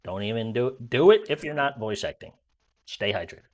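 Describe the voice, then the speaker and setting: A man's voice: medium pitch, big pitch swings, brisk. A man who is an amateur voice actor, talking casually and rambling as he coaches viewers from his computer at home on a desk microphone. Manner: rambling, self-correcting, coaching tone. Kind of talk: casual explanatory vlog.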